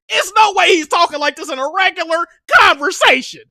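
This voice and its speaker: Speaking a little fast with few pauses, a young man with a very high voice rants profanely during a live stream about a game console event, lively and exasperated. It is studio-quality audio with no room sound.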